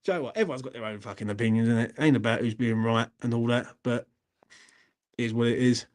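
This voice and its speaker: A man's voice: mid-range voice, quick pace, darkish tone. A man hosting a live stream, chatting bluntly with lots of swearing and frequent laughs. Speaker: YouTube channel host. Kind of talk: casual live-stream chat.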